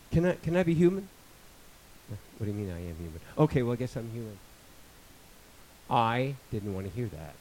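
A man in his fifties preaching a sermon, rambling with joking asides and building to loud, emphatic passages. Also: medium pitch, very animated, moderate pace, long pauses, a little hiss or hum, rough recording. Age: 50s.

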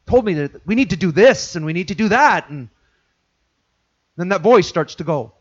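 Animated, high-pitched preaching man. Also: normal speed, highs cut off. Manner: acts out congregants' inner voices in sudden hushed drops. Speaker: pastor. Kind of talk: sermon.

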